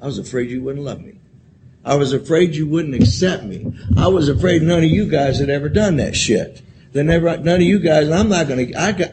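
A man speaking at a convention and sharing his recovery story candidly. He rambles, repeats himself, swears often and keeps saying "man.". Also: fairly high pitch. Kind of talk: candid recovery share, profane and emotional. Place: convention hall. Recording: live talk with loud room noise.

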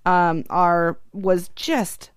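A woman with a fairly low voice talks about relationships in a relaxed way. She is thoughtful and keeps agreeing with her partner as they talk. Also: very slow, clear, resonant tone. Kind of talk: casual chat.

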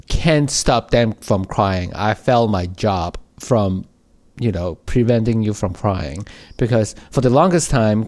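A man co-hosting a casual podcast, speaking thoughtfully in halting phrases with repeated words. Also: fairly low pitch, a little mellow. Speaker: podcast co-host.

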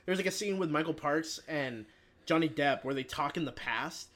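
A young man co-hosting a podcast, retelling a movie in casual chat with lots of "like" and loud acted-out voices. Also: a little high, normal speed. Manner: frequent filler "like". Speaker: podcast co-host.

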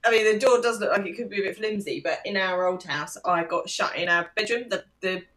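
A woman's voice: medium pitch, fairly quick, a bit bright. A British woman on a podcast as a guest, chatting casually and laughing easily. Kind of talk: casual chat.

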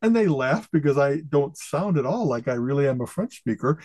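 A man co-hosting a podcast, chatting casually in an animated, jokey way and often asking "you know what I mean?". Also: mid-range voice, fairly quick, no echo. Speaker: podcast co-host. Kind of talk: casual chat.

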